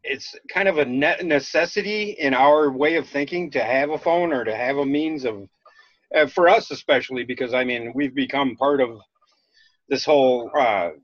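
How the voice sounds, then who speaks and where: A man from Minnesota with a Minnesota accent, rambling in casual chat as a podcast host, halting and restarting often. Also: medium pitch, a bit bright, no echo. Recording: dull lo-fi dry sound.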